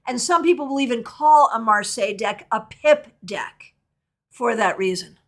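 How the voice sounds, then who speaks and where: A woman's voice: fairly high pitch, lively intonation, normal speed. A middle-aged woman teaching a live online tarot workshop, chatting candidly and answering viewer questions as she goes.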